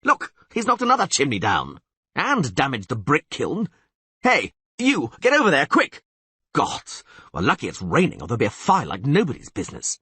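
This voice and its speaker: A man's voice: mid-range voice, wildly swooping pitch, brisk, pushed and bright, slightly rough, no room sound, pitched above the performer's own voice, heavily acted. A man voicing a harried middle-aged town mayor in an audiobook, barking orders in exasperation. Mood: exasperated. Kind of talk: audiobook character voice.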